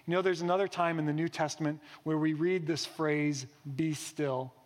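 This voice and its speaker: A man's voice: on the high side, steady tone, moderate pace. Earnest preaching man, reverberant. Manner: earnest, reflective preaching with rhetorical questions. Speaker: pastor. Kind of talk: sermon.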